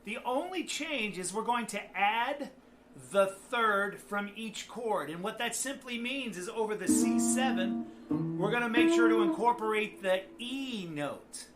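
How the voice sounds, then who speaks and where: A man's voice: high-pitched, lively intonation, a little slow. A man giving a casual guitar lesson, chatty, with joking asides. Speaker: guitar teacher. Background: guitar playing.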